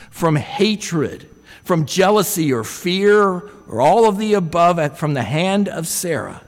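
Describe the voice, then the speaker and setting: A man's voice: high voice, in a large hall. A man preaching a sermon in a reflective way, often putting rhetorical questions to his listeners.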